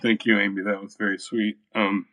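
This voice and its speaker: A shy man hosting an online community room, speaking haltingly with frequent pauses. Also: on the low side, flat delivery, gravelly, no echo. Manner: soft-spoken and halting, many pauses. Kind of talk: casual chat.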